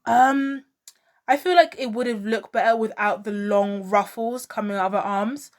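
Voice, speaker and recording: A woman's voice: fairly high pitch, moderate pace. A woman talking casually to camera as a pop culture vlogger, chatty and opinionated, full of fillers and gushing exclamations. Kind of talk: casual fashion commentary.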